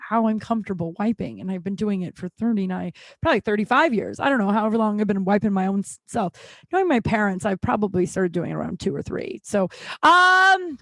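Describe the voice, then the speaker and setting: A woman's voice: medium pitch, a bit bright, dry recording. Rambling, candid woman podcaster in her forties. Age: 40s. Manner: rambling, candid, swears casually. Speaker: podcast host. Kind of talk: casual solo podcast chat. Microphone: studio podcast microphone.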